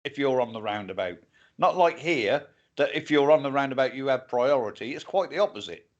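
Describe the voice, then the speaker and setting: A man's voice: mid-range voice, expressive, fairly quick, dull audio. An older man co-hosting a casual livestream chat, rambling and plainspoken, with frequent swearing. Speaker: co-host.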